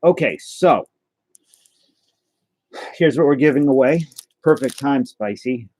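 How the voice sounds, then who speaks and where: A man's voice: medium pitch, slow, a little mellow, dry recording. A man hosting a casual livestream, chatting and answering his viewers as he goes. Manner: chatty, answers chat messages aloud, stumbles and restarts. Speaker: livestream host opening trading cards.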